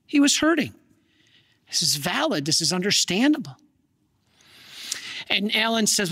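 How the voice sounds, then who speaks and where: A man, a priest, telling a story in a sermon with earnest, dramatic pauses. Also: high voice, big pitch swings, bright, forceful tone, breathy edge, big-room sound.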